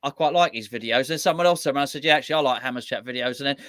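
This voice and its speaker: A bright, quick-talking man tells stories in a casual chat, acting out what other people said. His voice sits a little high and sounds close and dry. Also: dry recording. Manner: animated storytelling, quotes others. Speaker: fan channel host.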